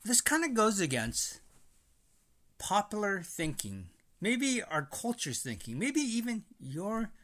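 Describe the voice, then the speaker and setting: Lively man teaching from the Bible. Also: on the high side. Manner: lively, emphatic, repeats and rephrases points. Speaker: preacher.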